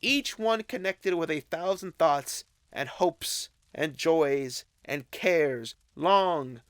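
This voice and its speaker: Expressive, unhurried male narrator. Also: a little high, smooth, no room sound. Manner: expressive, unhurried storytelling reading. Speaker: audiobook narrator. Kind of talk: scripted narration.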